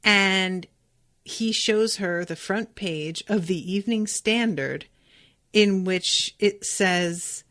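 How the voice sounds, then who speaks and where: Slow, chatty woman podcast host. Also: mid-range voice, fairly bright tone. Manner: chatty and emphatic, with frequent fillers and occasional swearing. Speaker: podcast host recapping a TV episode. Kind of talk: casual podcast recap.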